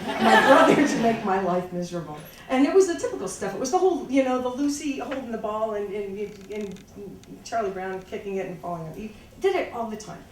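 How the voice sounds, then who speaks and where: A woman telling a personal story live on stage, halting with restarts and wry, laughing asides. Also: medium pitch, slight background noise. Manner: halting, many restarts and fillers. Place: small live venue. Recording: echoey, far-off room mic.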